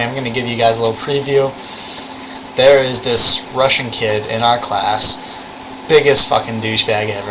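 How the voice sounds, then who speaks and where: A young man talking casually in a rambling video log, swearing now and then. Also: mid-range voice. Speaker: vlogger. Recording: air conditioner hum.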